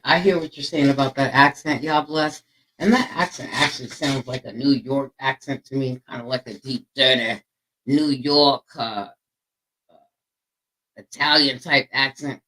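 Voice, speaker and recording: A man hosting a casual true crime commentary show, talking straight to his viewers in an animated, chatty way. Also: medium pitch, low-quality recording. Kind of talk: casual commentary over a played interview.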